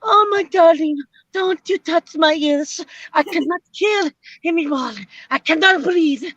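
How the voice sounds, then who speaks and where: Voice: very high-pitched, measured pace, a bit bright, no room sound, muffled recording. A performer on a live stream putting on the voice of a fretful woman who prays and pleads melodramatically. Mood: melodramatic. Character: fretful woman praying dramatically.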